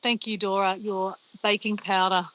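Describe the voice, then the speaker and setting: A woman's voice: mid-range voice, level tone, moderate pace, fairly bright tone, low-quality recording. An Australian woman chatting casually and bubbly on a travel live stream, reacting to her viewers.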